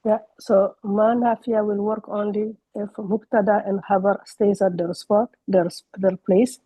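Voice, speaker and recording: A woman's voice: mid-range voice, little pitch movement, a little slow, warm tone, slightly rough, dry recording. A woman student answering her teacher hesitantly, stopping and restarting words as she goes. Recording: tinny phone-like line, dry.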